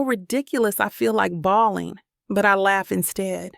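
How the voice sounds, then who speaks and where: A woman's voice: mid-range voice, normal speed, gravelly, hardly any pauses, dry recording, studio quality. A woman narrating a first-person romance audiobook, reading dramatically. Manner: dramatic, voices characters' lines with emotion.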